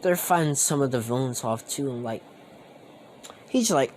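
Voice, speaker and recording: A man's voice: medium pitch, lively intonation, moderate pace, a little hiss or hum, rough recording. A young man casually retelling a fan story, rambling with lots of slang and fillers.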